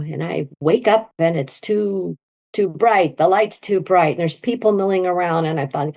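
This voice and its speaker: A middle-aged woman telling her story in an interview, animated and leaping into high quoted voices. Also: moderate pace. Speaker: guest, near-death experiencer.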